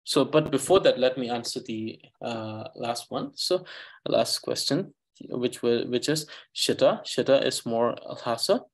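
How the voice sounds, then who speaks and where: A man with an Eastern Tibetan accent explains words to his students in an online class. His voice sits at a middle pitch, and he talks in halting bursts, filling the gaps with "uh" as he thinks aloud. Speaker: Tibetan language teacher. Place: online class, video call.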